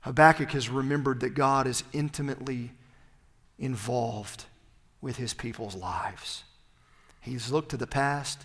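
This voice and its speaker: A male pastor preaching a sermon, swinging between loud, emphatic peaks and hushed, low phrases. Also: a little slow, big-room sound.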